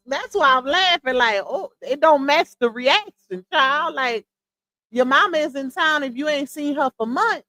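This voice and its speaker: A woman's voice: sits high, expressive, measured pace, pushed and bright, no room sound. A woman hosting a live stream, chatting casually and incredulously to her viewers, with laughing asides. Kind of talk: casual commentary on a clip.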